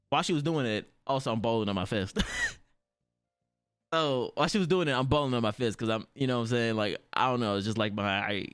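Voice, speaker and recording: A young man streamer, telling a story casually, swearing freely and jumping his pitch high when he acts out quotes. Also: a little fast, long pauses, a bit bright, clear, resonant tone.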